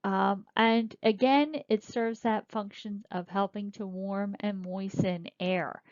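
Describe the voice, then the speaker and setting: Woman teacher lecturing real slow, dry dull lo-fi sound. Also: mid-range voice, fairly even intonation, darkish tone, no echo. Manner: slow explanatory, pointing and spelling terms out. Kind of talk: recorded lecture.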